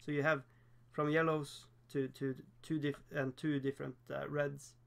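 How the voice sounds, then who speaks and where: His English, a second language, carries a Norwegian accent as this man from Norway livestreams casually while painting miniatures. The voice runs on the high side, level, gravelly, and fairly bright. He keeps up a self-deprecating chatter, laughing often and pausing on fillers.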